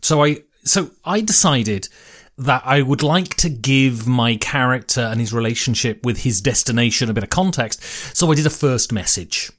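A man's voice: mid-range voice, expressive, moderate pace, a bit bright. A man hosting a solo tabletop game podcast, chatty and a little nervous, often restarting his sentences. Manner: chatty, slightly nervous, repeats himself. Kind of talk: casual podcast narration.

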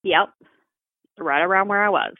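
A woman's voice: mid-range voice, normal speed, no room sound. Blunt woman over a tinny line. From Southern United States. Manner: frank and blunt, swears freely, with a lot of "like". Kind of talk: candid casual chat. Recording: phone-like narrow sound.

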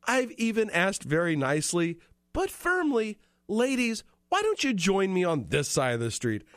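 Animated, lively male radio host. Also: sits high, normal speed, dry recording, clean studio sound. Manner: animated, self-mocking, acts out dialogue. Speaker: radio home improvement host. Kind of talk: storytelling on talk radio. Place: radio studio.

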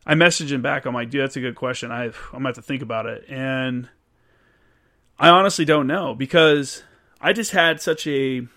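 A man's voice: medium pitch, moderate pace, bright, forceful tone. Guy on his show answering listener questions, rambly storytelling, swears a lot, lots of likes. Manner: loose and profane, with many "like"s and restarts. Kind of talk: casual storytelling.

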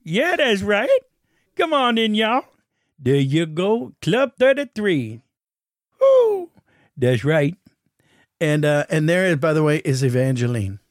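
Man plays a jolly old firefly: folksy, whooping, pitched high, dry booth sound. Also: a little fast, few pauses, no room sound, close to an everyday voice. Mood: jubilant. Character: cheerful old male Cajun firefly.

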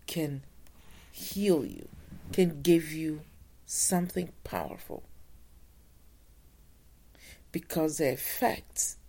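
A woman giving an earnest motivational talk, slowing down to stress her points. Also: fairly low pitch, creaky, dark tone, breathy edge.

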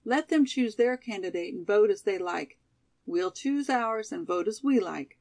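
A woman's voice: mid-range voice, expressive, a little slow, darkish tone. A woman voicing a modest, loyal young college girl who flushes with embarrassment, in a storybook reading. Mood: earnest. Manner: embarrassed, loyal, sometimes hot.

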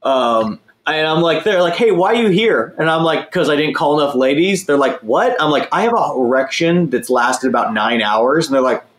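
A man's voice: a little high, normal speed, few pauses, fairly bright tone, echoey room. A young man telling a crude, rambling story in a casual chat, swearing often and mocking himself. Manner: profane, rambling, self-mocking.

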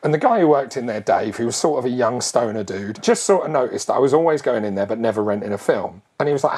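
A middle-aged man, talking in a relaxed, storytelling way. His voice sits in a middle pitch, and he rambles on with lively asides. It sounds like casual conversation rather than anything scripted. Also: breathy edge. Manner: animated, rambling, quick asides.

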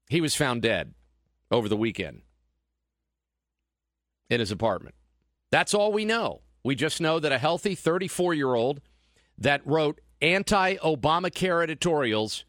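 Sarcastic talk radio host, lively pitch. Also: male voice, no room sound, studio quality. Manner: sarcastic, mocking. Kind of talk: opinionated talk radio monologue.

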